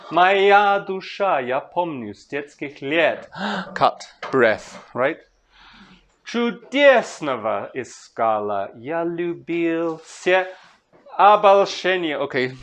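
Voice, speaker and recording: A man from Scotland leading a master class, explaining step by step and reciting verse lines slowly. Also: a little high, fairly bright tone.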